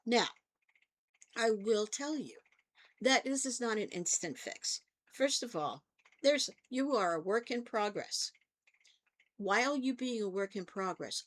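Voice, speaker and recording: A woman's voice: medium pitch, slight background noise. An older woman hosting her own vlog, telling stories in a chatty way and checking in with her listeners as she goes. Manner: chatty storytelling, often checks in with "okay?". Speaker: vlog host and therapist. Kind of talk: casual talk to camera.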